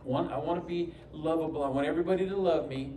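A pastor from New York preaches a sermon in a church sanctuary, mixing stories and humorous asides with acted-out voices of those he quotes. He speaks at a quick pace with a warm, slightly high voice. A distant mic in the echoey church hall catches faint ambience and a little hiss or hum.

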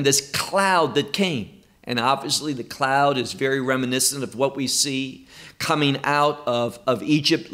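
A man teaching through a Bible passage verse by verse, speaking slowly and with emphasis. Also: on the high side, fairly bright tone. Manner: slow, emphatic, quoting scripture verse by verse.

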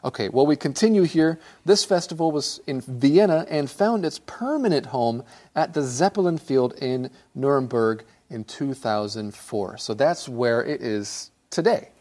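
A man co-hosting a scripted English lesson, reading quiz questions clearly in a playful manner. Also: mid-range voice, expressive, measured pace, a little mellow. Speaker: co-host of an English lesson show.

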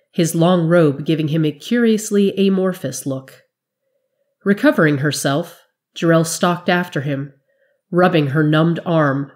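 In a low voice, a woman narrates a fantasy tale, her delivery steady, measured and dramatic.

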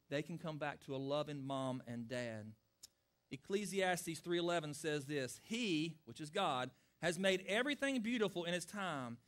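A middle-aged pastor preaching in a voice pitched high for a man. He talks earnestly and conversationally and keeps putting direct questions to his listeners. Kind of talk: sermon answering questions.

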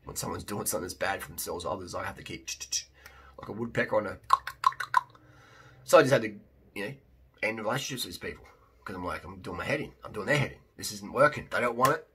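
A man's voice: lowish voice, expressive, fast talker, pauses often, fairly bright tone, a little hiss or hum. A man talking casually to camera as a fitness vlogger and coach, emphatic and blunt, with many restarts.

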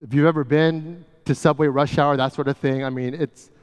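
A man preaching a sermon as pastor, talking casually and often dropping to a soft, hushed voice. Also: fairly high pitch, steady tone, moderate pace, clean tone. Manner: conversational, often drops to a soft hush. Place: church sanctuary. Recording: church hall with long reverb.

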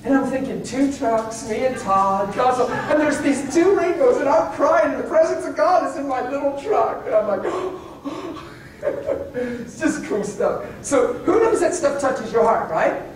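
A man preaching a sermon, telling personal stories in an animated way, moving from hushed asides to high exclamations. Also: moderate pace, hardly any pauses, slight background noise. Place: church meeting hall. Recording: very echoey hall, voice from far off.

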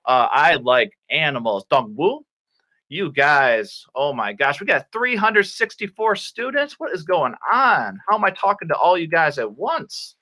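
Male online ESL teacher, animated and playful with kids, slow deliberate delivery, bright voice. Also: on the high side. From Michigan, USA. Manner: playful, exaggerated, makes silly sounds. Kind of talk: animated kids' online class.

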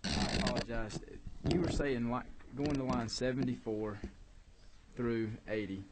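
A man's voice: mid-range voice, a little slow, very noisy. A man serving on a legislative committee, carefully and politely questioning a witness. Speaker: committee member. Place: legislative committee hearing room.

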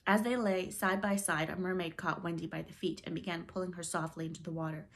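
A woman narrating a children's classic aloud, with a gentle, measured delivery. Her voice sits a little low for a woman. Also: fairly even intonation. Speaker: storybook reader. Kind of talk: audiobook narration.

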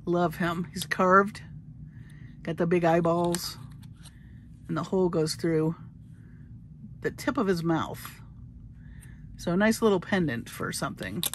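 Woman, crafting vlogger, slow relaxed talk, gushing, faint background hiss. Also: on the low side. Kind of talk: casual show-and-tell haul.

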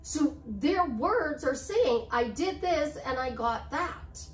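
A woman's voice: high voice, animated, slow. A woman life coach giving a motivational talk, repeating affirmations with emphasis. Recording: roomy, slightly distant mic with faint hiss.

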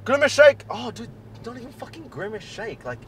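Loud lively young man. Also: sits high, a little fast, slight background noise. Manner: loud, swearing, teasing. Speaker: co-host. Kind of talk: casual banter. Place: inside a parked car.

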